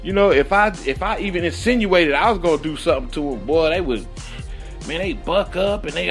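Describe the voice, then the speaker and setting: A man's voice: on the high side, animated, brisk, soft background music. A man, a former prison guard, telling profane stories in casual chat, laughing often and acting out what people said. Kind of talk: casual podcast storytelling.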